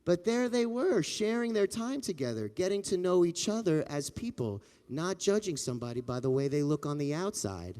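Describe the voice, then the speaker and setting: A man telling a playful children's story at a temple family service, animated and full of sound effects. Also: sits high, normal speed, hardly any pauses, long reverb tail. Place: temple sanctuary.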